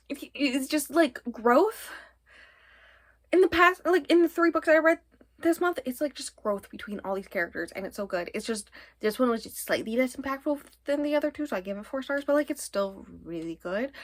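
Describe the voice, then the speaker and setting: A woman's voice: medium pitch, a bit bright, no echo. A young woman talks through her month of reading in a loose, chatty vlog. She rambles from thought to thought, dotting her sentences with fillers. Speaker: book vlogger. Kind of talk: casual monthly reading wrap-up.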